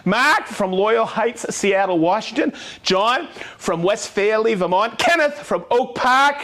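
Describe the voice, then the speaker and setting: High, lively male livestream host. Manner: upbeat, whooping, reels off names quickly. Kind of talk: live-stream shout-outs to viewers.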